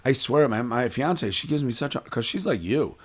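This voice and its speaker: Chicago comic guest, mid-pitched male voice, lively self-mocking storyteller, casual podcast chat. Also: normal speed, breathy edge. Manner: animated, self-deprecating storyteller. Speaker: comedian guest.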